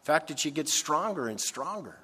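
A man preaching a sermon, slow and emphatic, swinging between loud stressed phrases and soft, low asides. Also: big pitch swings, breathy edge, long reverb tail. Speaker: pastor.

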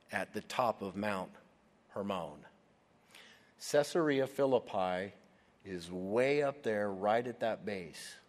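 A male preacher delivers a Bible study in an unhurried, deliberate way, stretching out the words he wants to land. His voice sits somewhat low, and it rings with the long reverb of a large hall. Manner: slow, emphatic preaching, stretching key words. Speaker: pastor.

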